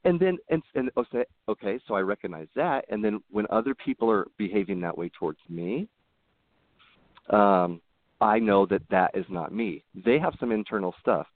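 A man's voice: on the low side, lively intonation, moderate pace, no room sound. A man talking as a podcast guest, telling personal stories in a rambling, earnest way with frequent restarts. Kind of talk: casual interview storytelling. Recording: tinny phone-like line, dry.

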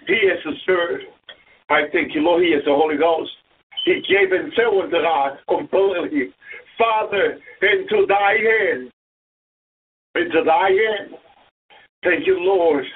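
A male preacher giving an impassioned sermon, breaking in with murmured hallelujahs and rising to loud cries. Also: high voice, unhurried, husky. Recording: tinny phone-like radio sound from far off.

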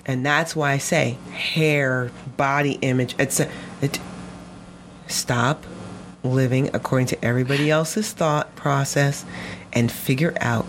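A woman with a notably low-pitched voice speaks as an interview guest. She tells personal stories in a lively way, often breaking into laughter. She drives her points home by repeating phrases. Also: a little slow. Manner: animated, laughs often while telling stories. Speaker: guest photographer and filmmaker. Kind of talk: conversational storytelling.

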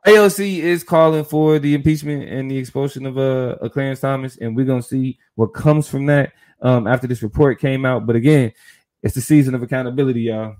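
A man's voice: medium pitch, fairly even intonation, brisk, darkish tone. A man co-hosting a podcast, explaining politics in a thoughtful, casual way, often restarting his phrases. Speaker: podcast co-host.

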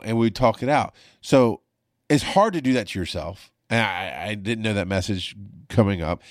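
A man with a fairly low voice talks candidly into a studio mic. He is blunt and emphatic, and he swears freely. The sound is close and dry, with no room echo. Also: expressive, moderate pace. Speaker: podcast host and paramedic. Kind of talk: candid podcast monologue. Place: home studio. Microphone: studio mic on a video call.

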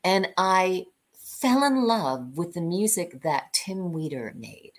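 A woman with a lowish voice tells stories from her career as a cabaret singer. Her pitch swings widely as she animates each anecdote. She laughs often and slips into the voices of the people she quotes. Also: animated, slow. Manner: laughs often mid-story. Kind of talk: animated conversational storytelling.

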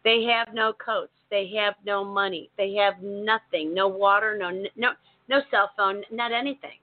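A woman co-hosting a talk show, telling a story in a casual, animated way with many restarts. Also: mid-range voice, a little slow. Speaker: co-host. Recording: narrow phone-like sound.

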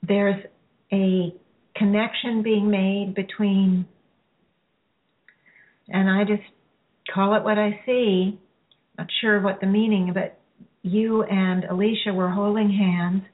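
A woman hosting a radio-style healing show, guiding listeners through a release in a slow, soothing, halting way. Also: mid-range voice, little pitch movement. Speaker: spiritual healer hosting a show. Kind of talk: guided healing session. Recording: phone-like narrow sound.

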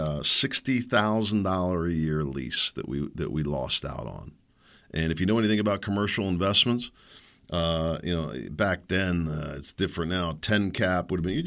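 Heated, animated man ranting. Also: low voice. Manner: heated, indignant, mocks others in put-on voices. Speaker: show host. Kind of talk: ranting monologue.

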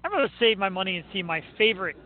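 A man's voice: high-pitched, lively intonation, very fast. A man hosting a radio show, chatting casually in a joking, self-mocking way. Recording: tinny phone-like line.

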